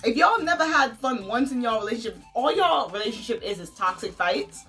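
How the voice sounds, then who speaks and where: A woman's voice: on the high side, animated, a little fast, pushed and bright, faint music behind. A woman hosting a couple chat vlog, sarcastic and teasing, laughing often. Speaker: vlog host.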